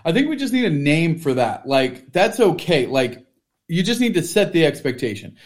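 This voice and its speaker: Very animated, with a fairly high voice and moderate pace, this podcast co-host chats and jokes casually, rambling along and leaning heavily on "like."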